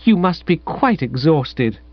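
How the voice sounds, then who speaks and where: A gushing, wide-eyed young woman, put on by a male reader in a storybook reading, her voice lifted high and breathy with sugary wonder. The sound is dull and dry. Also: big pitch swings, slow, no room sound.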